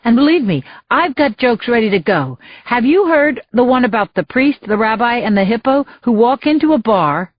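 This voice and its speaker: A woman's voice: on the high side, very animated, highs cut off. Woman voicing a wisecracking young male lawyer. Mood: joking. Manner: quick and joking.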